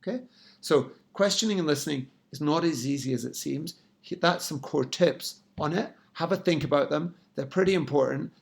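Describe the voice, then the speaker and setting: A man's voice: medium pitch, gravelly. A man giving direct sales coaching tips in an instructional talk. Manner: coaching, direct, frequent "yeah, right?". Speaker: sales trainer.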